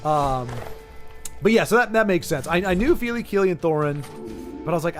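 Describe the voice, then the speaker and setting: Animated high-voiced ranting man. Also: fairly quick, music in the background. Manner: animated, ranting, self-interrupting. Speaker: streamer host. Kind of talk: casual livestream chat.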